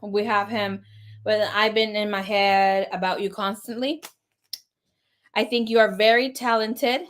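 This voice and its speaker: A woman's voice: medium pitch, steady tone, unhurried, a bit bright. A woman giving a casual live tarot reading, chatty and rambling with fillers. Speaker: tarot reader.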